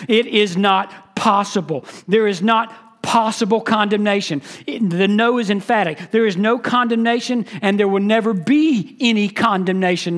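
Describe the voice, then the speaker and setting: Pastor teaching a sermon, stretches out words, keeps repeating the main point, asks the room questions. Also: mid-range voice. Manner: emphatic, repeats key phrases and drawn-out words. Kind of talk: expository sermon.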